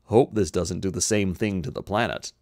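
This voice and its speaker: A man's voice: deep voice, normal speed, darkish tone, no room sound, clean studio sound. A man voicing a tense male ship's engineer who talks in clipped exclamations.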